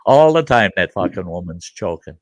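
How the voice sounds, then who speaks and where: A man's voice: sits low, sing-song, moderate pace, dry recording, studio quality. A man hosting a casual chat, telling a joke story and acting out the voices of the people in it. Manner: joking storyteller, acts out voices in his tale. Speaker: host.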